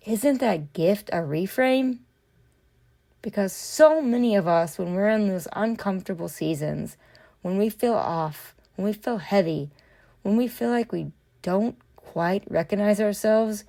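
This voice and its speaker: Woman, solo podcast host; heartfelt, unhurried, vocal fry. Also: medium pitch, dark tone. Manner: earnest, heartfelt, addresses listeners as friends. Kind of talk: reflective solo podcast monologue.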